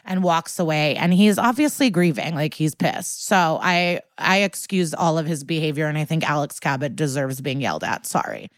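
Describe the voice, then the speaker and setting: Woman podcast host, lowish voice, dry close sound, chatty recap. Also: moderate pace, few pauses, dry recording. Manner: animated, acts out quotes with swearing and laughs. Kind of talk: casual chat, episode recap.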